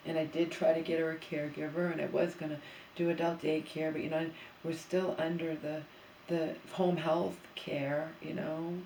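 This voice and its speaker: A woman sits on her bedroom floor and rants at length, in a fairly low voice that keeps asking "okay?" and "right?". The small room rings back around her, with a faint hum of ambience underneath. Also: little pitch movement, normal speed, creaky, warm tone, roomy sound, low-quality recording. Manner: ranting, frequent "okay?" asides. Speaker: vlogger. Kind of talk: casual rambling monologue.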